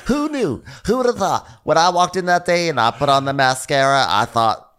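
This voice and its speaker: A man's voice: fairly high pitch, lively intonation, moderate pace, a bit bright, smooth, voice pushed up. Man mimicking a faltering, wounded woman celebrity. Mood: mocking. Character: impression of a defensive woman celebrity.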